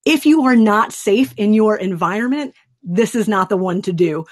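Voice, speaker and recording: A woman trainer leading a webinar, calmly and soothingly guiding listeners through a breathing exercise. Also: mid-range voice, normal speed. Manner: calm, soothing and instructive. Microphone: desk microphone.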